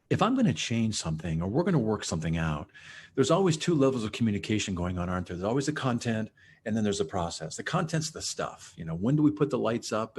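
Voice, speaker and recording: A man's voice: lowish voice, darkish tone, slight background noise. A man hosting a behavioral health podcast, thinking aloud in a reflective, conversational way with frequent "kind of" and "you know". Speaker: podcast host, psychologist. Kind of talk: conversational interview.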